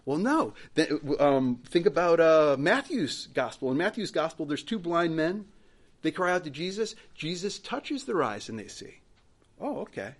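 Male pastor, high voice, very animated delivery, rhetorical questions, conversational sermon. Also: moderate pace.

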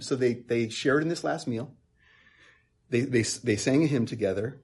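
A male preacher in a conversational sermon, his voice husky and a little breathy. He talks earnestly, repeats words as he works through a thought, then climbs into emphatic, passionate peaks. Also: medium pitch, normal speed. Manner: repeats words while thinking aloud.

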